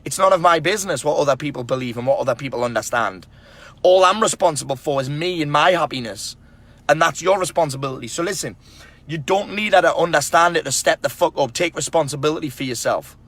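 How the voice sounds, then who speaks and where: This man talks fast in a slightly high, somewhat bright voice. He's a men's self-help speaker addressing the camera head-on, swearing frequently as he hands out blunt, forceful tough love to other men in a casual motivational monologue.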